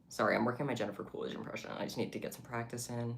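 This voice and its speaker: While beading bracelets, this playful, giggly streamer banters with viewers and pokes fun at herself. The mid-range voice is steady in tone, creaky and very fast with few pauses, over a slight hiss or hum.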